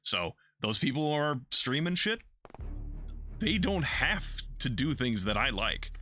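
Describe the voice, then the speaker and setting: With a bright, pushed, sing-song voice at medium pitch and a measured pace, the streamer chats over faint music. He rambles and curses, responds to his chat, and pokes fun at himself as he plays.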